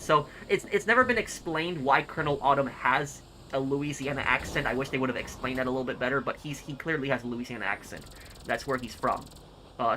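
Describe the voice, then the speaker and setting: A man streaming and reading comments aloud in casual chat, halting and repeating words as he goes. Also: medium pitch, pushed and bright, a little hiss or hum, rough recording.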